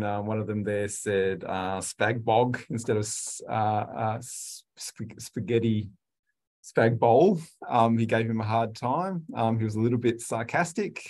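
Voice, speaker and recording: A man giving an informal talk to students, slow and relaxed, with many pauses and restarts. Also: on the low side. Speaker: student services presenter. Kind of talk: informal lecture to international students.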